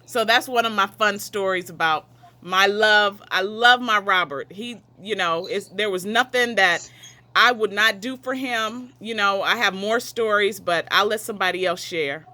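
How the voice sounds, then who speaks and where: A woman's voice: medium pitch, moderate pace, bright, forceful tone. A woman telling family stories in a casual, rambling way on a video call from home, often laughing and wandering off on side tracks. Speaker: relative sharing memories at a memorial. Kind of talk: casual storytelling.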